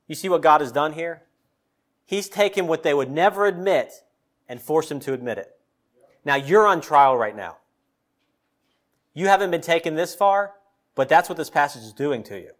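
A male pastor preaching a sermon, emphatic, with loud peaks and pointed questions to the congregation. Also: a little high, lively intonation, normal speed, pauses often.

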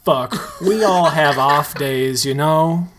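A man's voice: fairly high pitch, slow, noisy background. A reader voicing Ken, a supportive male dancer with a casual, reassuring way of talking.

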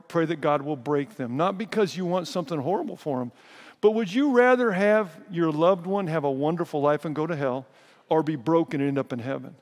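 A middle-aged male pastor with a gravelly voice that sits a little high, telling stories from the pulpit with emphatic swings. His words ring out in a church hall with a long reverb tail. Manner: storytelling, emphatic and dramatic. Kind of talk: sermon.

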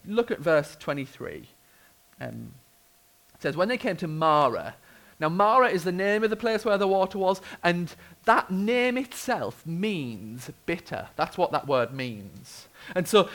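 A British man preaching a sermon with a lively, swooping delivery. His voice has a gravelly edge, and he tells the story with wry humour and vivid expression. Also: fairly high pitch, rough recording. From United Kingdom.

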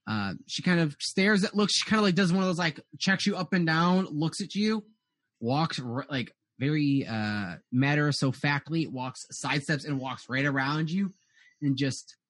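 A man's voice: on the high side, normal speed, a bit bright, no echo. A man narrating as game master in a rambling way, full of "uh"s and restarts.

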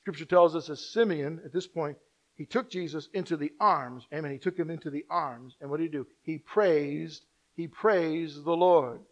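A male pastor preaching a sermon, swinging from loud emphatic lines to quiet asides. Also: a little high, normal speed, lo-fi sound.

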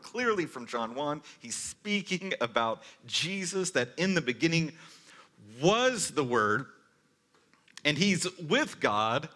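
A man preaching a sermon as a pastor, talking in a conversational, animated way with casual asides. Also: a little high, slow pace.

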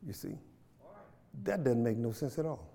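A man's voice: mid-range voice, big pitch swings, normal speed, gravelly, dark tone, in a large hall. A man leading a Bible study in church, moving from plain talk to fervent preaching, often asking the room questions and repeating phrases. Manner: builds from conversational to fervent preaching. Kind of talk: church teaching with call and response.

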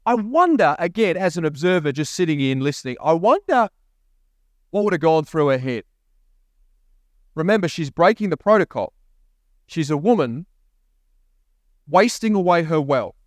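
A man's voice: fairly high pitch, sing-song, moderate pace, long pauses, dry recording, clean studio sound. A man preaching a sermon as a pastor, repeating key phrases and asking rising questions. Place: church.

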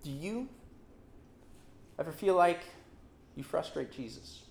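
A preacher giving a sermon in an expressive, emphatic manner, with dramatic swings between loud and soft delivery. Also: mid-range voice, slow pace, vocal fry, a little hiss or hum. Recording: roomy echo.

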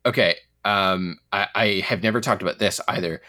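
A man's voice: moderate pace, bright, forceful tone. A man co-hosting a casual chat podcast, laughing often as he talks. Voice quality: laughs often, wide-ranging pitch. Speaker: podcast co-host.

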